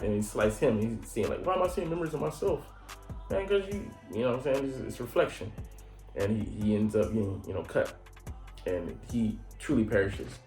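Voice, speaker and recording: Low-voiced man recapping anime, echoey room. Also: a little mellow. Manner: rambling, profane, full of fillers. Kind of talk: casual episode recap. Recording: echoey room with faint music.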